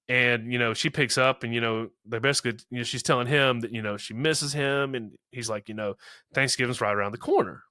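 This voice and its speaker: A man's voice: medium pitch, pushed and bright, no room sound, studio quality. A man in his thirties co-hosting a podcast, recapping a movie in casual chat, rambling with lots of fillers and acting out quotes. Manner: rambling, many "you know" fillers, acts out quotes. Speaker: podcast co-host.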